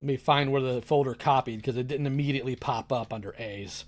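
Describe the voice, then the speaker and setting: A man's voice: mid-range voice, fairly quick, few pauses. A man giving casual, sarcastic commentary as a YouTuber, talking while he clicks through files. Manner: sarcastic, lively, talks while working the computer.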